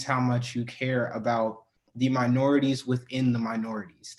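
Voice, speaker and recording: An earnest man speaking on a video call in a steady, flat tone. He sounds heartfelt as he speaks. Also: medium pitch. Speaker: school board trustee. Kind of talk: farewell remarks at an online board meeting.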